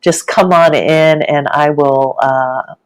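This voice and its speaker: A woman co-hosting a casual live-streamed chat, speaking in a relaxed way with many fillers and welcoming viewers. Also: low-pitched, slow, low-quality recording. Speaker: co-host, ceremony facilitator.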